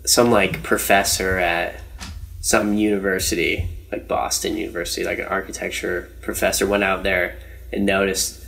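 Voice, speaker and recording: A man's voice: deep voice, level tone, normal speed, gravelly, a bit bright. A young man telling a rambling story in casual podcast chat, with lots of slang and fillers. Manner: rambling, slangy, says "dude" and "like" often.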